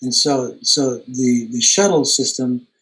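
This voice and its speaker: Halting man explaining dentistry. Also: medium pitch, a bit bright, poor audio. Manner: halting, repeats words, tells anecdotes. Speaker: holistic dentist guest. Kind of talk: online Q&A interview.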